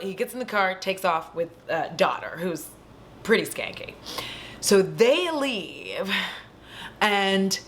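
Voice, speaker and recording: A woman with a fairly low voice gives a loose, foul-mouthed recap of a horror film from her home. She talks straight to her viewers with lots of playful asides. A faint hiss of noise sits under her voice. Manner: animated, swears freely, chatty asides to viewers. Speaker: horror movie recap vlogger. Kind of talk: casual profane movie recap.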